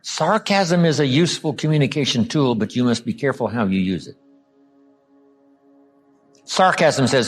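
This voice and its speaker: A man from the United States giving a motivational seminar talk, acting out quoted lines and dropping his voice low for emphasis. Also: lively intonation, moderate pace, pauses often, faint music behind. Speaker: motivational speaker.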